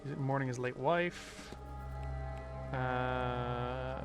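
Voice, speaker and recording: A man's voice: mid-range voice, fairly even intonation, drawn-out words, over music. A man streaming a detective game, casually thinking aloud and muttering through clues. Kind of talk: casual live-stream commentary.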